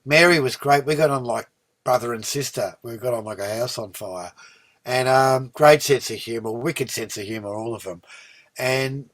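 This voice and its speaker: A man's voice: medium pitch, moderate pace. An Australian man in his sixties, a singer-songwriter guest, telling long rambling stories with many ums and restarts. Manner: warm rambling storyteller, many ums and restarts, lively when recounting. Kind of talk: relaxed storytelling conversation.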